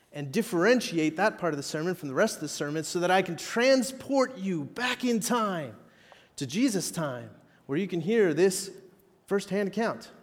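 Preacher guy, high lively voice, slow dramatic pauses, echoey hall. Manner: measured, dramatic pauses, self-mocking humor. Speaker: pastor. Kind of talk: sermon.

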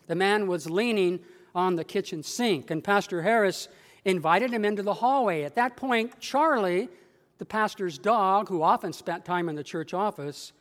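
Pastor telling a story sermon in a reverberant church. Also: male voice, high voice, fairly bright tone. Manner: measured, dramatic storytelling.

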